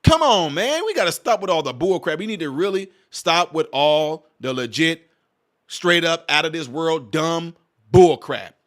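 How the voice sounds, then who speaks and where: A man's voice: a little high, animated, unhurried, fairly bright tone. A man hosting a reaction video who talks straight to his viewers and fires off mocking rhetorical questions in exasperation. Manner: addresses viewers directly as y'all. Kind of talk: reaction commentary.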